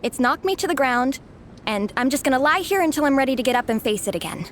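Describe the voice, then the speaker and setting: An actress playing a theatrical young student and comic-book fan in a game, talking in an expressive, dramatic manner. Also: female voice, high voice, fast, slight background noise. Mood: pleading. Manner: theatrical, pleading then mock-solemn.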